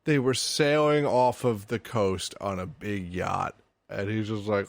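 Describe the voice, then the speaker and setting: A man's voice: lowish voice, measured pace, vocal fry, no echo. A man co-hosting a casual podcast, recapping an anime episode with frequent laughter and swearing. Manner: laughs often, swears freely. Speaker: podcast co-host.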